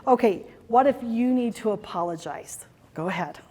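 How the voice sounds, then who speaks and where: Woman, corporate trainer, workshop presentation, encouraging and chatty, higher voice, long hall reverb. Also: expressive, normal speed, warm tone, a little hiss or hum. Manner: encouraging, conversational, playful with examples. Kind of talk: workshop presentation to a retreat audience. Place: retreat venue meeting room.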